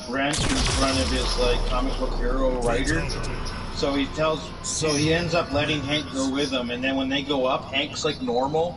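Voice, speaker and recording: A man's voice: medium pitch, far from the mic, background noise. A man hosting a podcast in casual chat, rambling with many restarts and fillers. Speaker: podcast host. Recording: loud music playing over the talk.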